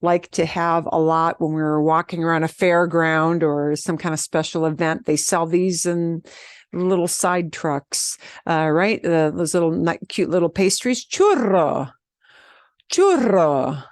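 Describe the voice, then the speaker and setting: A woman's voice: low voice, little pitch movement, unhurried, smooth, no echo, clean studio sound. A woman from the teaching a beginner Spanish lesson, patiently repeating words and drilling the trilled R. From American Southwest.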